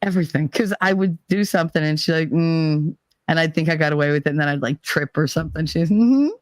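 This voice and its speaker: A man who is a guest in a casual chat, talking in an animated way and acting out the voices he quotes. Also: fairly high pitch, quick pace, no room sound.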